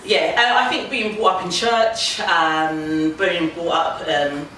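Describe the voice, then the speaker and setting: A woman's voice: fairly low pitch, steady tone, takes it slowly, fairly bright tone, slight background noise. A British woman, an HR consultant and singer, chatting easily as an interview guest and often agreeing with "yeah" and "mm-hmm". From Britain. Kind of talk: relaxed interview conversation. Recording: echoey room, speaker far from the mic.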